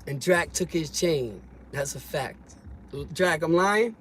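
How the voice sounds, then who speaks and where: A man spins a loose, slangy story, sometimes getting loud and heated. His voice sits a little high for a man. Loud car and street noise runs under everything. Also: expressive, normal speed. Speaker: vlogger telling stories.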